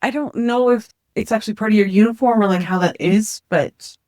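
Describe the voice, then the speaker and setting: A woman co-hosting a podcast, chatting casually and reacting quickly. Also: medium pitch, warm tone, no room sound, clean studio sound. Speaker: podcast co-host. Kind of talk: casual chat. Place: home kitchen.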